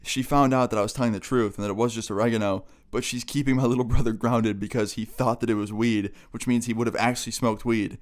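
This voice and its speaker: A man's voice: medium pitch, fairly even intonation, quick pace, few pauses, lightly acted. A man voicing an older teenage brother insisting to his mom. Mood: insistent.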